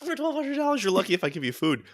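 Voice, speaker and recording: A man co-hosting a casual podcast, telling stories in an animated way and slipping into quoted voices. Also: high voice, very fast, dry recording. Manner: animated storyteller who jumps into quoted voices. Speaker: podcast co-host.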